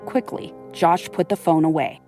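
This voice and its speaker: A woman's voice: low voice, fairly even intonation, moderate pace, warm tone, faint music behind. A woman host giving scripted, suspenseful narration of a true story.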